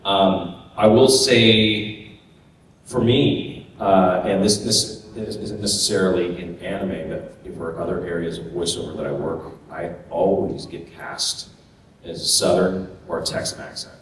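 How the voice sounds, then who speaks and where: Man with a low voice in an echoey hall. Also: fairly even intonation. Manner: loose, halting, with restarts and fillers. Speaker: voice actor on a convention panel. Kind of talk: panel Q&A answering audience. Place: convention panel room. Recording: echoey hall, distant mic, faint noise.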